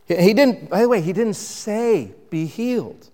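A man preaching a sermon with dynamic delivery, rising to loud emphasis and dropping to quiet reflection. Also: high voice, animated, unhurried, big-room sound. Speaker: pastor.

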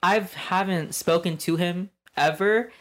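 A young man, a guest on a casual podcast, talking in a halting way with many fillers and restarts. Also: high voice. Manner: hesitant, lots of fillers and restarts. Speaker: podcast guest, TikTok creator.

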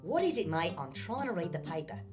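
A squeaky hiccuping cartoon kiwi. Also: male voice, very animated, a little fast. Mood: whiny. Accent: New Zealand. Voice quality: sped-up high cartoon squeak. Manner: whiny, hiccuping. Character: hyper squeaky male kiwi fruit from New Zealand. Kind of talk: web cartoon voice acting. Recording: web cartoon clip with loud music.

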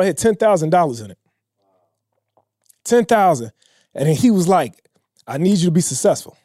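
High-voiced man telling a heartfelt story. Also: no room sound, clean studio sound. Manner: emotional, drops low and quiet when quoting others. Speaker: podcast guest. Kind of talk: casual storytelling.

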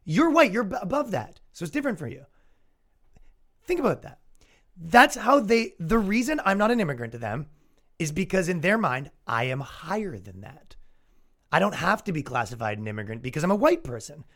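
Animated Canadian man ranting sarcastically. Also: high-pitched, a little fast. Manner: animated, sarcastic, swearing, mock-quoting opponents. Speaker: podcast host. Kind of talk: solo comedic podcast rant.

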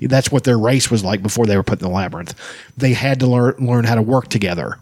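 A man's voice: mid-range voice, fast, darkish tone, no room sound, clean studio sound. A man in casual chat, rambling and swearing freely, with many restarts and fillers.

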